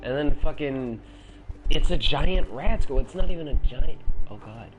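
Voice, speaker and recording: A man's voice: a little high, animated, normal speed, soft background music. Jumpy, swearing young man gaming. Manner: swears a lot, shrieks when startled, jittery and talkative. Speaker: gaming video host. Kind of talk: casual gameplay commentary.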